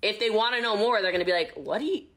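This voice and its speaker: A woman in casual podcast talk, boastful and animated, who laughs often. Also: mid-range voice, very fast. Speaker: podcast guest, network marketer. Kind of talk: casual conversational storytelling.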